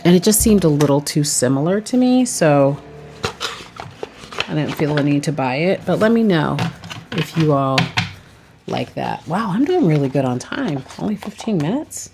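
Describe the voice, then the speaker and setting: Her deep, creaky voice has a sing-song quality and moves at normal speed, with background noise in the mix. A tarot reader and vlogger, she chats casually and ramblingly about her decks, with plenty of "like" thrown in.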